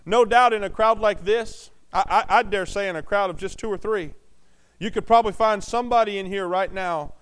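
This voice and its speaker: Male pastor, middle-aged, high voice, smooth resonant tone, sermon delivery, loud peaks and hushed drops. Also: a little fast. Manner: preaching with swings from loud emphasis to hushed intensity.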